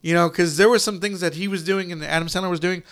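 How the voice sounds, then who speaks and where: Man, higher voice, gravelly, casual movie chat, swears, rambling. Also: fairly even intonation, fast, a bit bright. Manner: loose, profane, rambling with restarts. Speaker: podcast co-host, parent.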